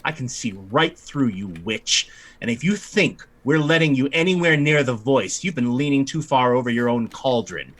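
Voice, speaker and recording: A man voicing a stern, contemptuous male church minister who speaks in a loud, strident way. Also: mid-range voice, fairly quick, lightly acted. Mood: scornful.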